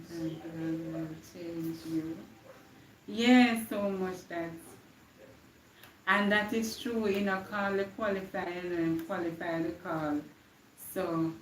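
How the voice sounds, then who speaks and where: A young woman with a Jamaican accent and a fairly low voice gives an earnest, preachy inspirational talk on a live stream, now and then slipping into patois. She sounds far from the mic in a reverberant space, with slight background noise and low recording quality.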